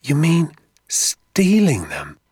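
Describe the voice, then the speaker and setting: A man's voice: fairly high pitch, sing-song, measured pace, darkish tone, breathy edge, no echo, clean studio sound, voice pushed up, full character voice. A man voicing an earnest, anxious young boy who asks eager questions in a storybook reading. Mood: anxious questioning.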